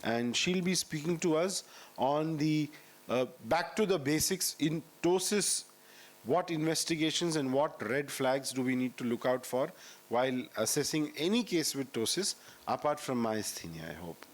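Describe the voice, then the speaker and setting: A man's voice: fairly high pitch, expressive, normal speed. A man with an Indian English accent presenting medical cases at a conference and introducing the next speaker. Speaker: session moderator and presenter.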